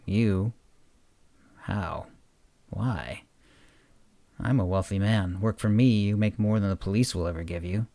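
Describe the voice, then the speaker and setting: A man reading a story aloud, voicing a wealthy male criminal under arrest who ends up yelling in fury. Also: on the low side, a little slow, long pauses, no echo. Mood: bitter. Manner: bitter, then yelling furiously.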